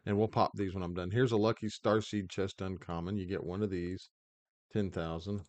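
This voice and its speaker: Man, low voice, rambling game commentary, hesitant with fillers, dry close sound. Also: steady tone, moderate pace, no room sound. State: hiccups. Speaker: gaming channel host.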